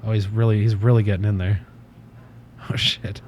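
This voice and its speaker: A man's voice: fairly low pitch, little pitch movement, moderate pace, a little mellow, muffled recording, slight background noise. A man hosting a casual livestream from his desk at home, rambling, swearing offhandedly and cooing at his cat. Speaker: livestream host.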